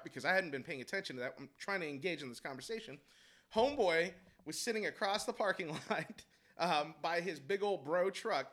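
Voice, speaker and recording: A man telling a heated story about coaching basketball, animated and profane, laughing as he goes. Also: high-pitched. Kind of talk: casual storytelling chat.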